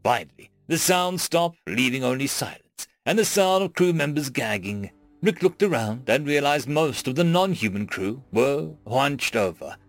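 A man reading a humorous science fiction story aloud in a wry, expressive storytelling manner. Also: mid-range voice, no echo. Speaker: story narrator. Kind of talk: scripted narration.

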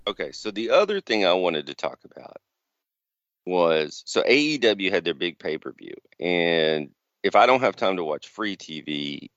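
A man's voice: sits low, expressive, normal speed, fairly bright tone, dry recording, muffled recording. A man co-hosting a podcast, casually rambling through a story. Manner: rambling storyteller, acts out quotes. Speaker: podcast co-host. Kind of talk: casual chat.

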